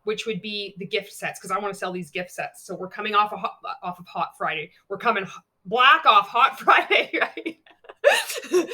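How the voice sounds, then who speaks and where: A young adult woman talks straight to camera in a loose, candid vlog. She is blunt, swears freely and pokes fun at herself. Her voice sits in an ordinary middle pitch. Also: bright, forceful tone. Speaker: vlogger. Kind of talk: casual chat walking through examples.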